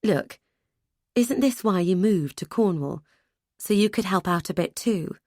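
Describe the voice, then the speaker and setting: A woman's voice: mid-range voice, animated, unhurried, darkish tone, no room sound, studio quality. A woman voicing a brusque, dutiful adult brother who talks bluntly and matter-of-factly in an audiobook. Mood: curt.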